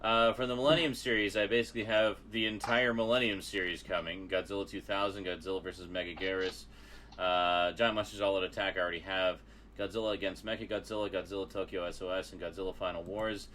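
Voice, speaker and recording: Low-voiced man chatting with faint hiss. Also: flat delivery, fast talker, sharp tone. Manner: enthusiastic, laughs often. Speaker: co-host. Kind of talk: casual chat.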